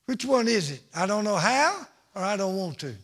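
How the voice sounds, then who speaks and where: A man's voice: high-pitched, very animated, moderate pace, fairly bright tone, breathy edge, big-room sound. A man preaching a sermon from the pulpit, with an emphatic, repetitive cadence. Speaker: pastor.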